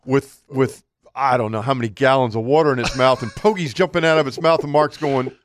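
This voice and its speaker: A man co-hosting a fishing radio show, telling an excited story. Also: medium pitch, a little fast. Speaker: co-host. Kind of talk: casual radio chat.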